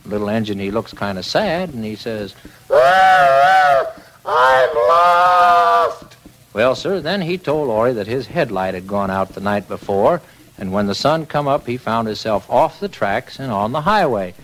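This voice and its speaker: A man's voice: lowish voice, normal speed. A man telling a children's story on old-time radio with a folksy rural drawl. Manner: folksy rural drawl with lively ups and downs. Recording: crackly old radio transcription.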